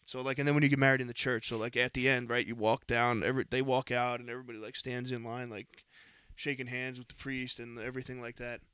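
Profane, animated man telling a story. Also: mid-range voice, quick pace, hardly any pauses, smooth, no echo. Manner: animated, profane, heated retelling. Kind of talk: casual storytelling.

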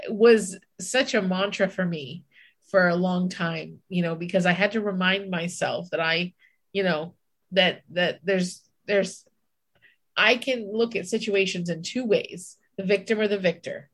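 A woman's voice: lowish voice, fairly even intonation, moderate pace. A woman co-hosting a podcast, telling a personal story in casual chat, candid, swearing and acting out her own inner voice. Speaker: podcast co-host.

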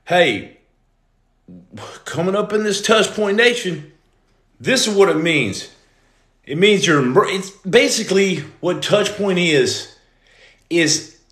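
Animated man hosting a live stream. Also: sits high. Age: 40s. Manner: animated, greets viewers, loud outbursts. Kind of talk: casual live-stream chat. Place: room at home. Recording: echoey room.

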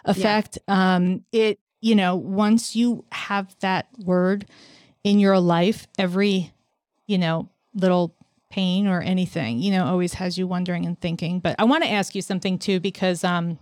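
A woman's voice: fairly low pitch, normal speed, dry recording, clean studio sound. A woman in her forties hosting a podcast in casual chat, telling stories animatedly and acting out what people said. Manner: animated storyteller who acts out quotes. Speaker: podcast host.

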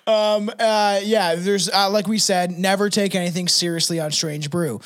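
A young man from Canada co-hosting a loose, crude podcast with a rather high voice. He rambles through stories, stumbling on "uh" and "um" and breaking into laughs. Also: fairly even intonation, moderate pace. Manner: rambling, laughs often, many fillers. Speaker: podcast co-host. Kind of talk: casual crude chat.

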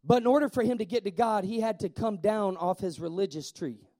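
A man preaching a sermon in a lively way, asking the congregation questions and slowing down to stress key words. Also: sits high. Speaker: pastor.

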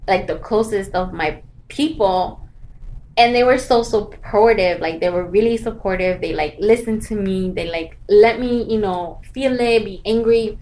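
A woman's voice: medium pitch, unhurried. A young woman in casual conversation, telling a story with lots of "like" fillers and acting out what people said. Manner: animated storytelling with many "like" fillers, acting out quoted voices. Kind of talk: casual chat.

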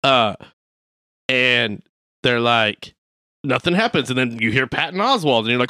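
A man talks through a film's plot among friends, his voice bright and forward. He swings his pitch widely, jumping into loud exaggerated voices for quoted lines, and swears freely. The sound is dry and close. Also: lively intonation, fast talker, no echo. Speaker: podcast host recapping a movie. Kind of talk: casual chat.

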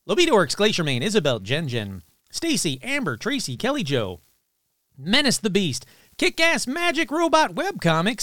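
A man hosting a paranormal podcast in a casual, chatty way, reading shout-outs and joking with himself. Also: high voice, no room sound, clean studio sound. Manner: chatty, animated, talks to himself. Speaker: podcast host.

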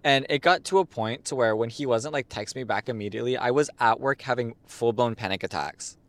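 A man's voice: mid-range voice, a little fast, dry recording. Candid young man, dry close sound. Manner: candid, jokey storytelling. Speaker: podcast co-host. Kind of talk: casual chat.

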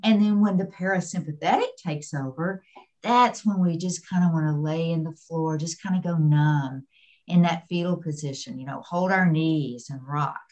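A woman's voice: deep voice, normal speed, darkish tone, dull audio. A woman guest expert explaining in an interview, repeating her key points for emphasis.

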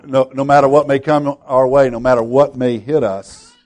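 A man preaching a sermon and leading a prayer, earnest, often repeating words and dropping to a hush for emphasis. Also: mid-range voice, fairly even intonation, normal speed. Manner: earnest, repeats words, swings between loud and hushed. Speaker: pastor.

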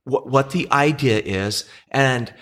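A man's voice: mid-range voice, slow, a bit bright. Patient middle-aged man explaining money. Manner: patient explainer, restarts often. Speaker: podcast co-host explaining investing. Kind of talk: casual podcast chat.

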